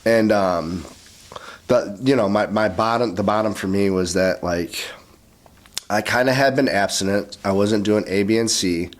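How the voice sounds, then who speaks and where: Casting: man, low-pitched, relaxed podcast guest, animated storyteller who does quick voices for people he quotes. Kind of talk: casual storytelling.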